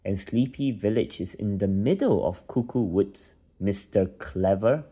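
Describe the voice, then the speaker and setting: Storybook voice: fierce hissing old man read by a father, low and stern. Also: unhurried, dark tone, slightly rough. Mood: scolding. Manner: hissing, scolding. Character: thin fierce old male hushing brownie.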